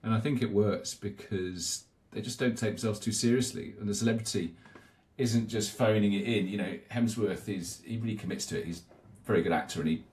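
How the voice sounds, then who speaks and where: A British man co-hosting a podcast, relaxed and rambling as he retells an advert. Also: on the low side, fairly quick. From Britain. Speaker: podcast co-host. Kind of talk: casual marketing discussion.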